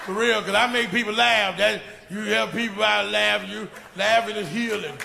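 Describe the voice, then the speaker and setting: Gravelly man doing stand-up in a noisy hall. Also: high voice, fairly even intonation, moderate pace, bright, forceful tone. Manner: laughing through his own jokes. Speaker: comedian. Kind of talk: stand-up comedy. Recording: echoey live venue with crowd noise.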